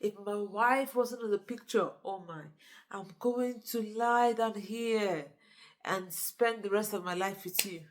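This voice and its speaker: A woman voicing a sweet-talking married man who gushes flattery at his boss. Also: mid-range voice, a little slow, close to an everyday voice. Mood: flattering.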